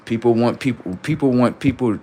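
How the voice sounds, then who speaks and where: A livestream host, this man talks loosely in slang, preaches by firing off rhetorical questions, and performs both sides of imaginary exchanges. His mid-range voice is fairly quick and dark in tone.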